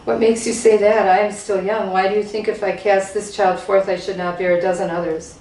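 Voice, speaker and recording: A woman's voice: mid-range voice, level tone, fairly quick, a little mellow, natural voice. Woman reading as a young, stubborn priestess in a storybook reading; far mic, echoey room. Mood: defiant. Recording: roomy hall, voice from far off.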